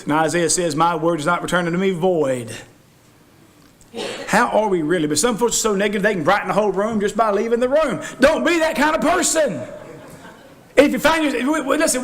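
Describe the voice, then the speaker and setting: A man preaches in a church with a notably high voice. His delivery is folksy and animated, and he slips into quoted voices to act out the people he talks about. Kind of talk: sermon.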